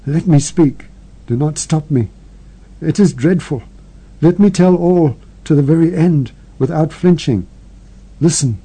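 A dying woman pleads with her elder sister in a halting, desperate confession, as a male reader voices her. The voice sits a little above the reader's usual pitch, with a dark, mellow tone. The lines come from a storybook read aloud. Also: slightly rough. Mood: confessing.

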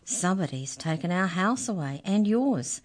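A woman's voice: fairly low pitch, very animated, moderate pace, voice pushed up. A woman voicing a feisty, bossy young girl who snaps at the others in a storybook reading. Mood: snappy. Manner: snappy, fuming.

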